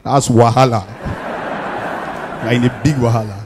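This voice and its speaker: A man's voice: mid-range voice, fairly even intonation, moderate pace, slight background noise. A male stand-up comedian with a Nigerian Pidgin accent who brags and warns the crowd in a swaggering way. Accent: Nigerian Pidgin English. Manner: boastful swagger, warning the crowd.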